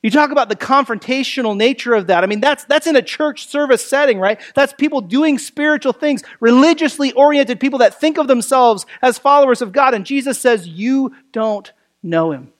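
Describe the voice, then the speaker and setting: High-voiced pastor preaching conversationally. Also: male voice, brisk, hardly any pauses. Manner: conversational, asks rhetorical questions; frequent fillers like "you know" and "right". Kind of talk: expository sermon.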